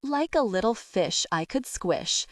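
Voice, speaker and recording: Woman voicing a teasing young Italian-accented woman, slow villainous delivery. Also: a little high, sing-song, no room sound, studio quality, pitched above the performer's own voice.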